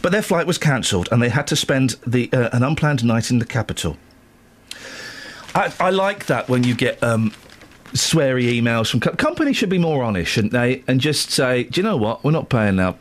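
A man's voice: medium pitch, moderate pace. A man hosting a radio show, chatting casually and telling jokey stories. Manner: jokey, storytelling, animated.

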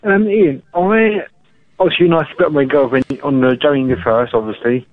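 A male caller to a radio show speaking hesitantly and apologetically, with halting phrasing, over a tinny phone line. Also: on the high side, no echo.

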